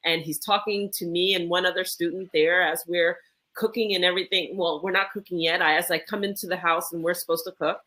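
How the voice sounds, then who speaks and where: A woman who is a medicine woman, telling an animated, emphatic story in a conversation. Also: lowish voice, fairly quick.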